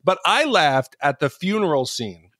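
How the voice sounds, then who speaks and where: Animated, high-voiced podcast co-host man. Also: a little slow, breathy edge, no room sound, clean studio sound. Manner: animated storyteller who acts out scenes. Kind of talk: casual movie-review chat.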